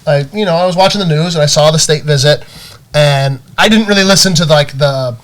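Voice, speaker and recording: A man's voice: a little high, fairly quick. A man co-hosting a podcast, telling stories in casual chat with lots of fillers, restarts and laughs. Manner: animated storytelling, many fillers and restarts. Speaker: podcast co-host.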